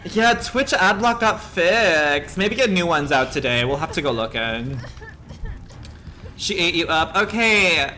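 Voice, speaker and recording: A man live-streaming a video game, excitable and swearing often as he reacts loudly to play and talks back to chat. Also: fairly high pitch, measured pace, soft background music.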